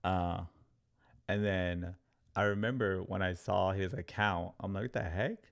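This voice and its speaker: Low, gravelly man chatting on a livestream. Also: a little slow. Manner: animated storyteller, acts out quotes, filler-heavy "like". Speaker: crypto trading educator. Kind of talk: livestream talk to viewers.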